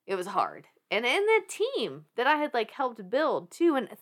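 Her voice on the high side and her speed normal, a Southern American woman in her thirties relates a story as a podcast guest. It's an animated, casual telling, peppered with laughter, curse words, and restarted sentences.

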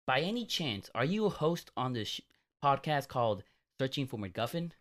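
A man's voice: mid-range voice, big pitch swings, normal speed, a bit bright. A man voicing a gushing, eager young woman fan in an anecdote.

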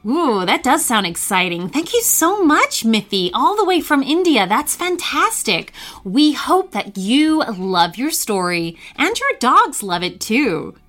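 A woman host narrating a children's story in an animated storyteller manner. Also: high voice, measured pace, hardly any pauses. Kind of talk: scripted narration.

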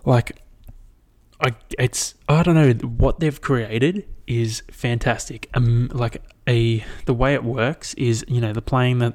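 A young Australian man chatting alone into a mic, rambling and swearing freely as he retells his week. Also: mid-range voice. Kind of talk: casual solo chat.

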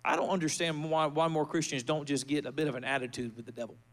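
Fervent male pastor preaching, high-pitched. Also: level tone, quick pace. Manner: fervent preaching that builds to rousing shouts and call-and-response prayer. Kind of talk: sermon. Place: church sanctuary with congregation.

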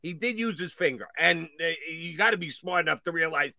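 High, bright-voiced ranting sports host. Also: male voice, fairly quick, vocal fry, no echo. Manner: animated, gets worked up, ranting. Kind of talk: heated sports talk.

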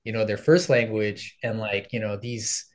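A man's voice: lowish voice, steady tone, moderate pace. A young adult man from the United States, a podcast guest chatting casually, with lots of fillers and frequent laughter. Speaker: podcast guest, content creator. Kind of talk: casual interview conversation.

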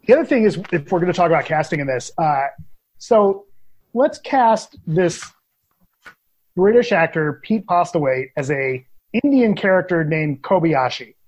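A man on a podcast as a guest critic, talking casually and opinionated in animated rants. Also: on the high side, moderate pace, slightly rough.

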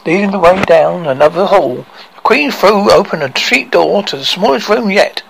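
A man reading a storybook aloud in a halting way, stumbling and correcting himself often. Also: high-pitched, creaky, fairly bright tone, a little hiss or hum, rough recording. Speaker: narrator.

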